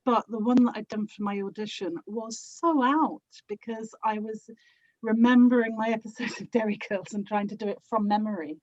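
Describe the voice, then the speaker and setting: A woman's voice: a little high, steady tone, moderate pace, darkish tone, muffled recording. A woman who acts in and produces audio drama, chatting as an interview guest, self-deprecating and often laughing as she talks. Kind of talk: casual interview chat.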